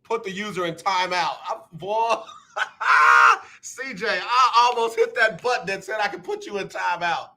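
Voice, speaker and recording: A man hosting a live radio talk show, animated and joking as he teases his listeners. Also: high voice, normal speed. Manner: animated, joking, playful teasing. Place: radio studio.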